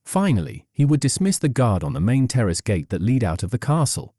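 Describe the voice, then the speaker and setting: A man giving scripted documentary narration in a measured, storytelling delivery. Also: mid-range voice, big pitch swings, dark tone, no echo, studio quality.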